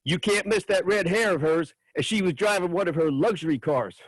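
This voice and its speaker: A man's voice: high voice, a little fast, breathy edge, dry recording. A man reading aloud and voicing a talkative, caring adult woman friend, emphatic and streetwise. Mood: coaxing.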